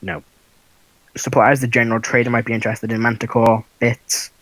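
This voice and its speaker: A man narrates a tabletop game as its game master, chatty and casual with plenty of fillers. His voice is mid-pitched and sounds dry and close. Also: level tone, a little fast, a bit bright, no room sound, poor audio.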